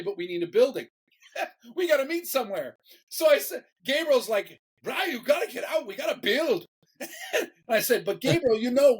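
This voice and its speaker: A man, a pastor, telling a story in a casual interview, animated, often repeating words and laughing as he talks. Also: high voice, breathy edge, low-quality recording.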